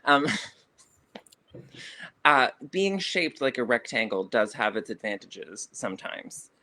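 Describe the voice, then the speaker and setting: A man's voice: mid-range voice, big pitch swings, slow, pushed and bright. Wry Canadian man co-hosting. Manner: wry and joking. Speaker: co-host. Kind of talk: casual livestream chat.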